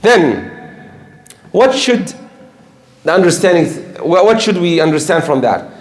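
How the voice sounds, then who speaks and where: Older male preacher, high-pitched, emphatic and repetitive, roomy echo. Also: big pitch swings, measured pace. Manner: earnest, repetitive, emphatic, with slips. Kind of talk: sermon. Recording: echoey room.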